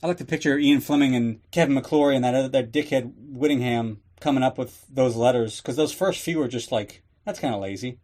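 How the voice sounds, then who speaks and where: A man's voice: medium pitch, steady tone, fairly quick, hardly any pauses, a little mellow. A man hosting a podcast, giving a casual, sarcastic and profane recap of a movie. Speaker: podcast host.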